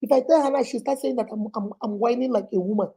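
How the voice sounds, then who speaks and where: A woman's voice: a little high, fast talker, dark tone, breathy edge. A woman with a Nigerian accent voicing a young man who grumbles in Pidgin to a friend about his girlfriend. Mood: grumbling.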